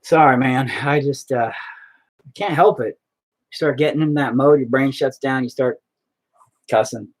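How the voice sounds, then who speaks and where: The host of a painting video, a young man with a mid-range voice, talks a little slowly and pauses often. Addressing his painting casually, he curses nonstop and runs himself down.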